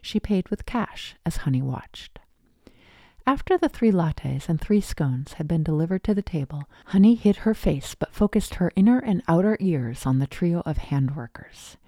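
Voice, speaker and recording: Low, dark-voiced woman narrating a story. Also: animated, moderate pace, dry recording, studio quality.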